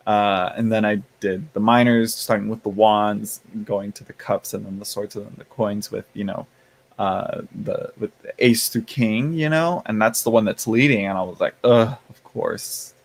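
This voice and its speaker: Speaking at a normal speed in a steady, lowish voice, a tired tarot streamer chats casually with his live audience. His talk rambles with plenty of fillers and restarts, broken by occasional yawns. Playfully sassy, he calls the chat y'all and honey.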